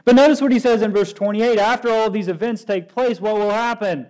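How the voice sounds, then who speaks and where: A man's voice: high-pitched, fairly quick, a little mellow, poor audio. A man preaching a sermon as pastor, asking his listeners many rhetorical questions.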